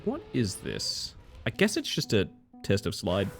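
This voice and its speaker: A man live-streaming a game, reading chat aloud and joking, swinging between excited yelps and low mutters. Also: unhurried, faint music behind. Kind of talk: casual live-stream chat while gaming.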